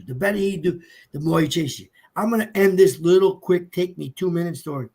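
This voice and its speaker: A man's voice: high voice, fairly quick, a little mellow. A man from New Jersey, a guest speaker, telling a personal story in an emotional, choked-up, emphatic way.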